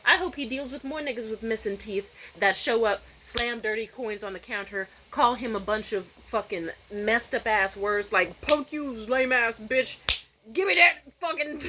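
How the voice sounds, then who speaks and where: A young woman vlogging at home at night, telling a story in a profane, animated rant and mimicking other people's voices. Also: medium pitch, a little hiss or hum, rough recording. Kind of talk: casual vlog rant.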